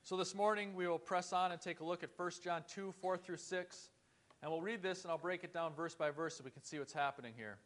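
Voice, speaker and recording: A man preaches a sermon in a church, his voice sitting a little high for a man. He talks in an earnest, conversational way and turns to his listeners with rhetorical questions. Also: a little fast, a bit bright. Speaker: pastor.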